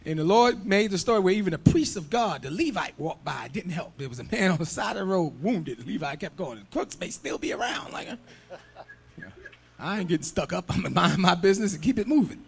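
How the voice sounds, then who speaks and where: A male preacher with a high, widely swinging voice delivers a sermon. He is emphatic and breaks into shouts, throws rhetorical questions at the congregation and calls for readings and responses. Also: animated, brisk, gravelly, breathy edge.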